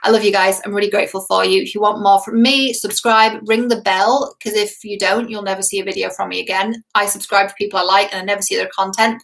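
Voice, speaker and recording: Woman coach, casual to-camera vlog, affectionate and playful, middle pitch. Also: poor audio. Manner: warm, chatty, affectionate, playful. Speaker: dating and love coach.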